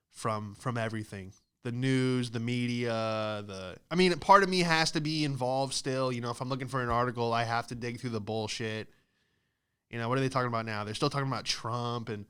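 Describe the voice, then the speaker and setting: A man talks in a loose, profane podcast rant, peppering everything with "dude" and "like". His voice is smooth and resonant at a middle pitch. He sounds like a stand-up comic riffing off the cuff. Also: a bit bright. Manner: profane, ranting, says "dude" and "like" a lot. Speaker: stand-up comedian and podcast host.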